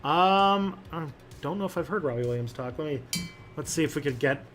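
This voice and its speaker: A man's voice: fairly high pitch, animated, brisk, fairly bright tone, soft background music. A man hosting a casual livestream and answering chat questions, rambling with lots of fillers and restarts.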